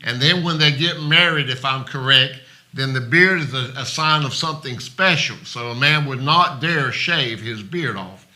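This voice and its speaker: A man's voice: mid-range voice, normal speed, bright, forceful tone. A man preaching a sermon in a church, folksy and plain-spoken, acting out the voices of those he quotes. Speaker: pastor.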